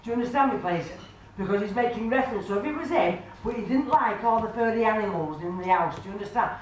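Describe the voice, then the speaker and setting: A woman works as a medium before a crowd, her homely patter caught from well back in a boomy, very echoey club room. A faint hiss of noise hangs under her voice, which sits at an ordinary middle pitch. She keeps checking in with the sitter, asking again and again whether they understand. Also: expressive, fast, far from the mic. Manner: chatty, homely, addresses the sitter as love and sweetheart. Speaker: spiritualist medium. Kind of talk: live mediumship reading to an audience.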